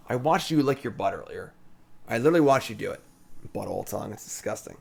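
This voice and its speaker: A man streaming a digital card game, thinking aloud in a relaxed, chatty commentary. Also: fairly low pitch, fast talker, gravelly.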